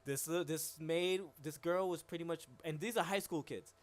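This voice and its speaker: A man's voice: on the high side, normal speed. A man co-hosting a live stream, chatting casually and rambling with lots of swearing and filler words. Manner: rambling, profane, frequent "yo" and "like". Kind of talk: casual chat.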